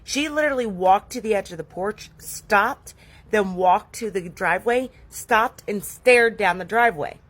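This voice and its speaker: A woman's voice: mid-range voice, a little slow. A woman outdoors at her home, earnestly telling a frightening experience. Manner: earnest, shaken storytelling. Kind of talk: casual story time.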